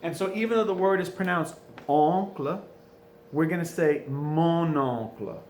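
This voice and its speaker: Going over answers in a recorded French class, this South Louisiana-accented male teacher patiently asks questions and supplies the answers himself. His voice is a little high, a little slow and a little mellow, and the room is echoey with faint background noise.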